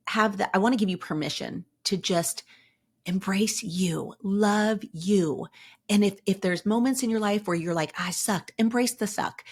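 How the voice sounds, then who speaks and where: Chatty, encouraging woman podcast host. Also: on the low side. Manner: chatty and encouraging, lots of "like" and "okay". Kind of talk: casual motivational talk.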